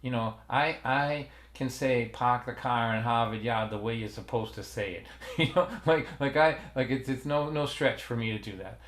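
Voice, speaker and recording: A man's voice: medium pitch, moderate pace, few pauses. A man in his sixties with a strong Boston accent, chatting casually and telling stories to a livestream audience, rambling and laughing often at himself. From Massachusetts, USA. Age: 60s. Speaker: folk singer and storyteller hosting a livestream. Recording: roomy echoey sound.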